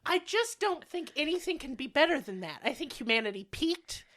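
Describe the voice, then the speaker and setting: A woman in her thirties co-hosts a casual comedy podcast with a lively, bouncing delivery that swoops up and down in pitch. She teases her co-host and breaks into loud laughter often. Her voice sits a little higher than most women's. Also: fairly quick.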